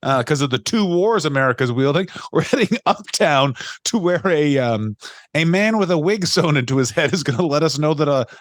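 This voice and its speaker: Podcast man, profane ranting co-host, slightly high voice, dry sound. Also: expressive, moderate pace, no echo. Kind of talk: casual chat.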